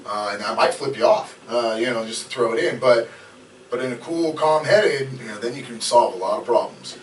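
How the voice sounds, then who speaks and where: A man's voice: medium pitch, a little fast. Male podcast co-host, candid storyteller, off-mic in an echoey room. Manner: storytelling, candid, swears freely. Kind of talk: casual chat. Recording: roomy echo, distant mic, faint hiss.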